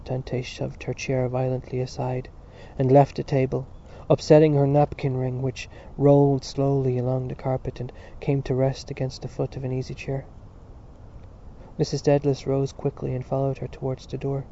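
A man reading a novel aloud as narrator, in a measured, expressive way. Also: mid-range voice, slight background noise. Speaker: audiobook reader. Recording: dull lo-fi recording.

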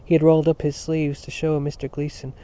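A man's voice: a little high, monotone, fairly quick, warm tone, dull audio. A man reading a novel aloud as scripted narration, with a few slips and restarts. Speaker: audiobook reader.

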